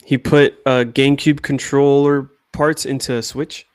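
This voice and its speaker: A man's voice: medium pitch, level tone, a little slow, clear, resonant tone, no echo, studio quality. A young man chatting casually with friends as co-host, rambling and laughing through stories. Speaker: podcast co-host. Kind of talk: casual chat.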